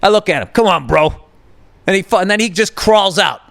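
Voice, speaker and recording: A man's voice: high voice, fast, a bit bright, dry recording. A man in his fifties, a podcast host, telling a comedic story in a profane, exasperated rant and acting out both sides of an argument.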